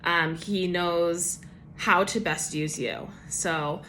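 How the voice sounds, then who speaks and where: A woman's voice: lowish voice, fairly even intonation, slow, pushed and bright, slight background noise. A woman giving a casual personal testimony devotional for her church, chatty, with many fillers.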